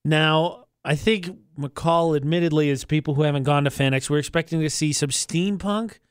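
A man with a somewhat high voice chats on a podcast. He talks with enthusiasm and rambles through restarts. The recording is dry and close. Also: moderate pace, clean tone, no echo. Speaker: co-host. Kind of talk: casual chat.

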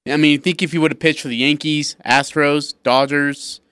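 A man's voice: on the high side, steady tone, normal speed, a bit bright, clear, resonant tone, no room sound. A man in a radio studio talking sports in joking, offhand banter. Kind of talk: casual sports talk radio.

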